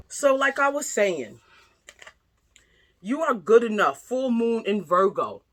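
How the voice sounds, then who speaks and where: A woman's voice: high voice, measured pace, bright, forceful tone. A middle-aged woman giving a tarot reading to her viewers in a chatty, sassy, direct way. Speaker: tarot reader. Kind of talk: casual tarot reading monologue.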